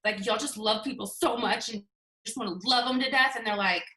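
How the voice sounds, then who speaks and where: Upbeat woman coaching her team on a video call; animated storyteller with a crisp, bright tone and a roomy echo. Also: fairly high pitch, a little fast. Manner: chatty, animated storytelling with acted-out quotes. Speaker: team leader giving a sales training. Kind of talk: casual motivational talk on a video call.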